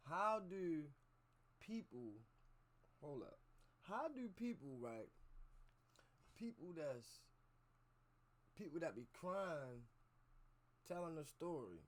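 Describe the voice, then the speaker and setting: A man's voice: on the high side, big pitch swings, slow pace, long pauses. A man reacting to a clip for his chat, skeptical and slangy, repeating himself to make his point. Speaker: reaction streamer. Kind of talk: reaction commentary.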